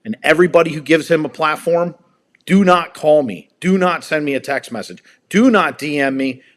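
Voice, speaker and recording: A man at home delivers a heated rant on his live stream, swearing freely. His voice sits a little higher than most men's. He punches each line with angry emphasis. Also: normal speed. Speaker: livestream host.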